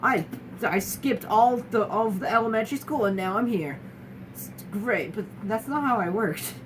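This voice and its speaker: A woman's voice: medium pitch, animated, normal speed, recorded from a distance. A young woman speaking casually and candidly, with a wry manner, who often restarts and mimics other people mid-sentence. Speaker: guest sharing her experience. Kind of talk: casual talking-head chat. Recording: voice a bit off-mic with clear room noise.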